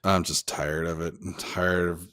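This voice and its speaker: Blunt, lower-voiced male podcast host. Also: little pitch movement, unhurried, a bit bright. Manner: blunt, complaining. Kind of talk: casual chat.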